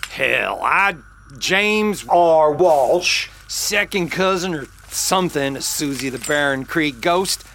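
A drunken, belligerent man in an audio drama. His voice sits high and bright, and his delivery is slow and drawling. He swings quickly from quarrelsome to whiny. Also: lively intonation, creaky, a little hiss or hum, full character voice. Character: drunken cantankerous rural man James.

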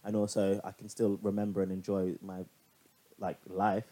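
A man in casual podcast chat, chatty and animated, swearing freely as he tells stories. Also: low-pitched, normal speed, a little hiss or hum. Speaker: podcast co-host.

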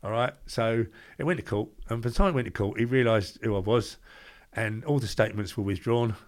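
An older man with a London accent, a guest telling stories briskly and acting out the dialogue. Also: fairly low pitch. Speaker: guest, former doorman. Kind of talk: anecdotal storytelling.

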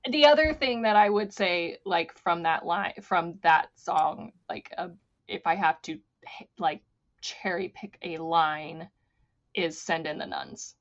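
A woman's voice: lowish voice, slow, dull audio. A woman co-hosting a podcast, chatting enthusiastically about a film and quoting its lines. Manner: enthusiastic, quotes lines in playful voices. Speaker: podcast co-host. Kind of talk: casual film discussion.

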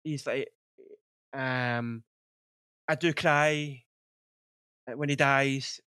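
A man's voice: mid-range voice, steady tone, extremely slow, sharp tone, smooth, no room sound, clean studio sound. A man in his forties hosting a podcast, chatting casually about films with lots of rambling filler words. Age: 40s. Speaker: podcast host. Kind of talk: casual film chat.

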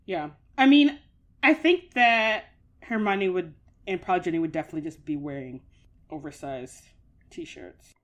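A woman with a low voice co-hosts a podcast, chatting casually and easily. She talks in a loose, rambling way, leaning on filler words as she thinks aloud. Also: moderate pace, highs cut off. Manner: chatty, many filler likes. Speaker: podcast co-host. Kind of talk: casual chat.

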